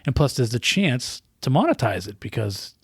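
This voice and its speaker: A man's voice: medium pitch, sing-song, moderate pace, slightly rough, dry recording. A man chatting casually on a podcast, rambling with many restarts and repeated words. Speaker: podcast guest. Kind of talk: casual chat. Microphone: podcast microphone close up.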